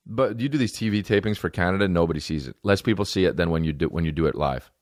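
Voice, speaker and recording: A man in his thirties hosting a podcast, riffing in a rambling, profane comedic monologue and mimicking people in high mocking voices. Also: quick pace, hardly any pauses, no room sound, studio quality.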